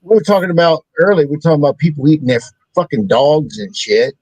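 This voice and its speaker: A man's voice: on the high side, lively intonation, fast talker, darkish tone, no echo, poor audio. A man from South Louisiana with a Cajun accent, co-hosting a casual podcast chat with crude jokes. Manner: crude, joking. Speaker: podcast co-host.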